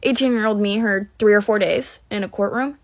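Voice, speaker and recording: A woman's voice: medium pitch, brisk, no echo. A young woman telling a brash, irreverent story to camera, swearing freely.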